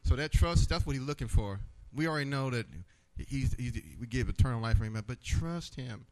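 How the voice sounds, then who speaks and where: A man giving a personal testimony in church, telling his story with animated storytelling and acting out the voices. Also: mid-range voice, fairly quick, poor audio.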